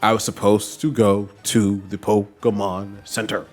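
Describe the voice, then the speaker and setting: A man's voice: on the low side, flat delivery, measured pace, soft background music. A man streaming a game, chatting casually as he plays and talking to his team and viewers. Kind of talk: casual gameplay commentary.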